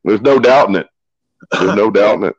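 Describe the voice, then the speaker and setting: A man's voice: lowish voice, normal speed, dull audio, crowd noise. A man co-hosting a casual podcast chat, speaking emphatically and repeating his points. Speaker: podcast co-host.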